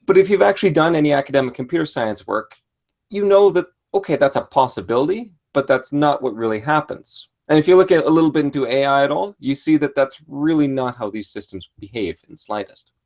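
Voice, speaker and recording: A man's voice: a little high, animated, fairly quick, darkish tone. A man, a computer scientist, chatting casually over a video call with many fillers.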